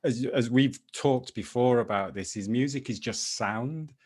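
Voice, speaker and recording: A man hosting a conversational interview, asking friendly, relaxed questions. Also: mid-range voice, unhurried. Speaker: interview host.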